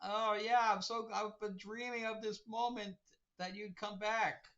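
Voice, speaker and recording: A man's voice: sits high, fairly even intonation, unhurried, sharp tone, voice pushed up, exaggerated voice. A man voicing a young male superhero with a gleeful, spiteful manner. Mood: gloating. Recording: dull lo-fi recording.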